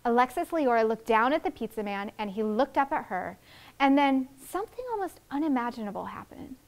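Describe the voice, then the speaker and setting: Expressive woman teacher reading aloud. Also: on the high side, fairly quick. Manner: expressive, explaining to young children. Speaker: second-grade teacher.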